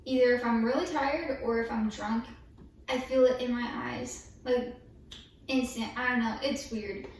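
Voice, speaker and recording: A woman with a slightly high voice talks unhurriedly to her vlog about her painful dental surgery, chatty, candid and expressive. The distant, off-mic recording sounds echoey, and there is faint yard work noise outside.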